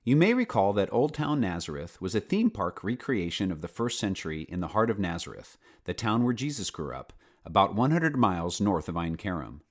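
Deep-voiced and fairly quick, this audiobook narrator brings a children's storybook to life. He does character voices and tosses in playful asides to the listener in a lively storytelling style.

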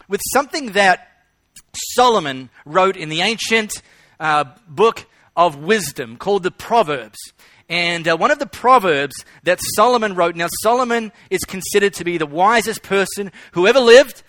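A male pastor preaches in a high, bright voice, telling stories and hammering home key phrases through repetition. The audio is close and dry, without any room echo.

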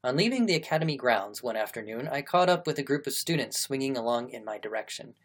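A man's voice: medium pitch, lively intonation, fast talker, few pauses. A man reading a historical article aloud, breaking off with chatty asides to explain terms. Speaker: reader and host.

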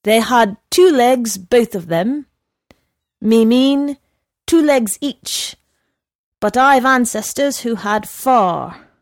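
A woman voicing an excitable, drunken male horse who speaks in broken English. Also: fairly high pitch, slow, dry recording, studio quality, pitched above the performer's own voice. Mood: excited.

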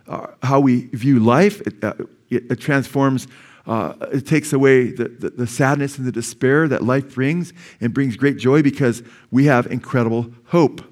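A man preaching a sermon as pastor, conversational and excitable, with casual asides to the congregation. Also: mid-range voice.

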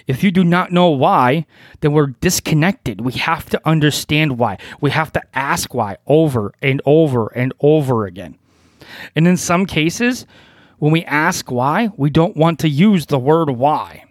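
A man's voice: on the high side, animated, unhurried, dry recording, studio quality. A man in his forties teaching network design in a podcast-style talk, emphatic, repeating key phrases and asking rhetorical questions.

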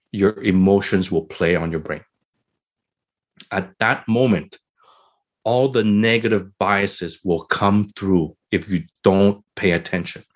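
A middle-aged man, a family and emergency doctor, explaining earnestly with rhetorical questions and acted examples. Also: on the low side. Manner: earnest, uses rhetorical questions and repeats "right?".

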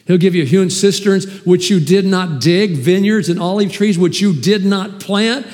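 A man preaching a sermon as pastor, animated and emphatic, with sudden swings in loudness. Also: high voice, normal speed, long reverb tail. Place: church hall.

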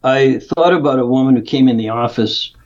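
A man telling a story as a guest in an interview, animated and acting out what people said. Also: medium pitch, fairly quick. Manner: animated storyteller who acts out quotes. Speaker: guest, nutrition practitioner. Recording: dull lo-fi remote audio.

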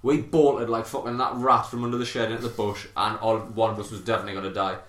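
A man, hosting a podcast and telling animated, sweary stories in casual chat. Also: on the low side, quick pace, reverberant. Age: 30s. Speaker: podcast host.

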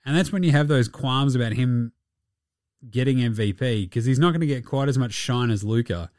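A young Australian man hosting a casual solo sports podcast, sweary and laughing through animated asides. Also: mid-range voice, normal speed, dry recording, clean studio sound. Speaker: podcast host.

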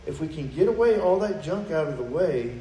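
Captured by a distant mic in a church, a pastor with a fairly high, warm, expressive voice delivers a sermon fairly quickly. His style is conversational, and he acts out dialogue and quoted prayers. The sound has roomy echo and faint noise.

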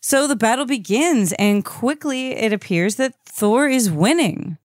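A woman's voice: fairly high pitch, expressive, unhurried, dry recording, studio quality. A woman co-hosting a podcast in a casual, amused, chatty comic book discussion. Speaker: podcast co-host.

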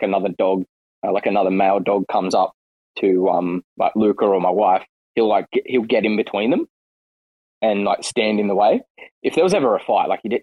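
A man chatting casually on an online voice call, rambling and relaxed with lots of fillers and restarts. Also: fairly low pitch, slightly rough, dry recording, lo-fi sound. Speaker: participant in an online audio chat room. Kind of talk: casual chat.

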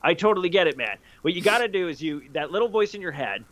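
A man's voice: high voice, expressive, fast talker, fairly bright tone, dry recording, highs cut off. A man co-hosting a casual podcast chat, talking emphatically and swearing a lot as he gives a friend a pep talk. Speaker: podcast co-host.

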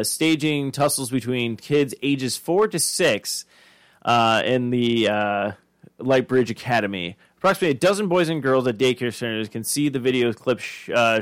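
A man's voice: mid-range voice, moderate pace, clean tone, dry recording. A man in his thirties from Arizona, co-hosting a podcast with loose, profane storytelling. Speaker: podcast co-host. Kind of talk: casual chat.

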